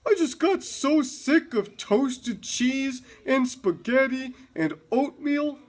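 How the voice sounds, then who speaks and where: A woman reading aloud puts on a polite, worn-out male pig from a storybook, a little higher than her own voice. His apology comes out lively and a touch slow. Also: heavily acted. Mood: apologetic.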